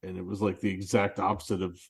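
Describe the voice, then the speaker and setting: A man's voice: sits low, level tone, fast, creaky, husky. A man co-hosting a film podcast, telling long rambling anecdotes in casual chat and laughing at himself. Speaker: podcast co-host.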